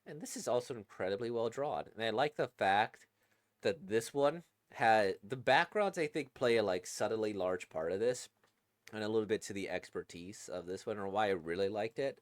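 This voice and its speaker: A man's voice: fairly low pitch, lively intonation, normal speed, dry recording, clean studio sound. A man giving casual, chatty commentary while reading a manga, enthusiastic and full of fillers. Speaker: manga reaction creator.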